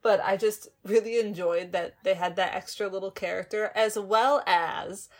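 Relaxed woman sharing film details. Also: mid-range voice, moderate pace. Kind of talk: casual chat.

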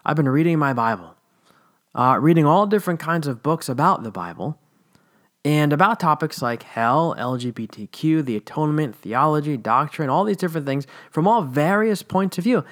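A man's voice: a little high, lively intonation, moderate pace, fairly bright tone. A man in his late thirties giving a blunt, candid personal monologue about his faith, with wry asides and frank language. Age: 30s. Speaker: former church teacher.

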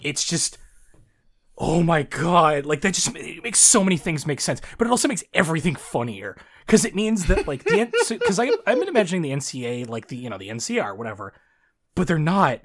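A speaker with a Southern Ontario Canadian accent, chatting casually as a podcast co-host, rambling, swearing and often breaking into laughter. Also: medium pitch. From Canada, Southern Ontario near Toronto. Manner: rambling, profane, lots of laughter and restarts. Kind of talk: casual chat.

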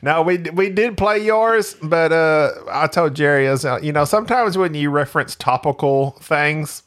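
A man's voice: on the high side, moderate pace. A man, co-hosting a casual podcast chat, joking and laughing often. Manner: jokey, laughs often, animated. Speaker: podcast co-host.

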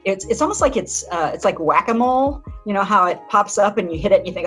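Woman guest in an interview, reflective and halting, restarts her sentences, faint music underneath. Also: mid-range voice, expressive, a bit bright, poor audio. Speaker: author and guest. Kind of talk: conversational interview.

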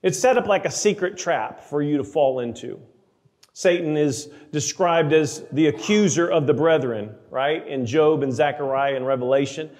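A man preaching a sermon, emphatic, slowing down to read scripture aloud. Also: a little high, a little mellow, long reverb tail. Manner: emphatic, slows for scripture readings.

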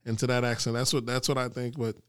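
A man co-hosting a casual podcast, talking in an animated way, laughing often and swearing freely. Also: mid-range voice, quick pace, clear, resonant tone, no room sound, studio quality. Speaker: podcast co-host. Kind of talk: casual chat.

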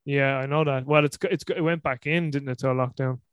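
A man in his thirties from Ireland with an Irish accent, hosting a podcast in animated casual chat. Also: medium pitch, fairly quick, smooth, dry recording. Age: 30s. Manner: animated, laughing, acts out quotes. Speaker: podcast host.

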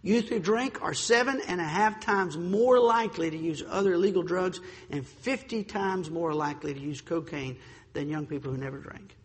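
A man preaching a sermon with emphatic delivery, slowing down to stress key points and sometimes stumbling over words. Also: sits high, in a large hall.

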